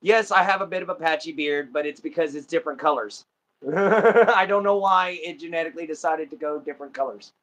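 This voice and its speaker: A man's voice: fairly high pitch, brisk, fairly bright tone, rough recording. An American man hosting a casual livestream, chatting and laughing often as he greets viewers. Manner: laughs often, friendly sign-offs. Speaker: livestream host.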